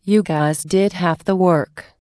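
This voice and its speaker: A woman's voice: fairly low pitch, fairly even intonation, slow, a little mellow, no room sound, clean studio sound. Woman reading a spirited young woman guard.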